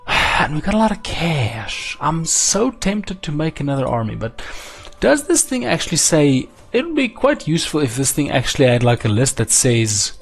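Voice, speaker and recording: A man casually commentating his own strategy game play, chatty and musing aloud, muttering numbers and slipping into quick silly voices. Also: on the high side, huge pitch swings, vocal fry, breathy edge. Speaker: gameplay commentator.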